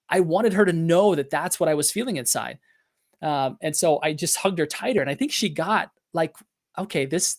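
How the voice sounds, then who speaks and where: A man's voice: fairly high pitch, creaky. A middle-aged man hosting a business podcast, talking in an earnest, confessional way with many fillers and restarts. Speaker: podcast host. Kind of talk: motivational business talk.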